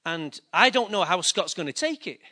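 A man's voice: high-pitched, expressive, moderate pace, pushed and bright. A middle-aged man preaching a sermon, telling a personal story in a chatty, self-mocking way. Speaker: pastor.

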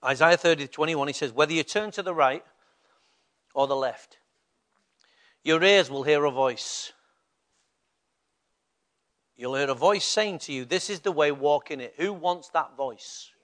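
A man's voice: fairly high pitch, unhurried, long pauses, a bit bright. A male pastor preaching a sermon in a conversational way, rising to emphatic bursts.

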